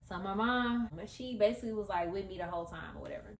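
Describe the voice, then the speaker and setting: A woman's voice: mid-range voice, fast, echoey room, a little hiss or hum. A woman telling a story in a casual vlog, chatty and rambling, talking straight to her viewers. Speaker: vlogger.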